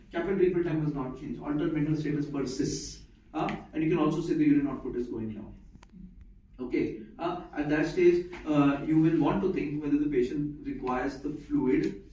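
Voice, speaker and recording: A man's voice: on the high side, dark tone. A man lecturing a live class, repeating key points and checking whether his listeners follow. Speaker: medical lecturer. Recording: echoey, distant, muffled room recording.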